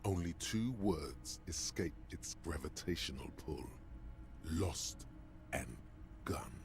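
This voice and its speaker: A deep, ominous inner voice. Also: male voice, a little slow, a little hiss or hum. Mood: ominous taunting. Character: grim male inner voice narrating the mind. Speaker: game narrator, inner voice. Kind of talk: video game narration.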